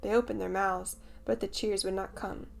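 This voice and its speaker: A woman narrating a classic children's storybook in a measured, expressive reading. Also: mid-range voice, gravelly, faint music behind. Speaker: audiobook narrator.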